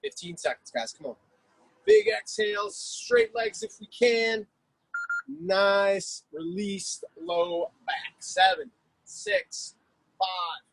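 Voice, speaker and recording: Male workout coach, very high voice, gravelly, shouting countdowns. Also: takes it slowly, no room sound, poor audio. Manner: energetic, shouts cues and countdowns. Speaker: fitness coach. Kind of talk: live-streamed workout coaching.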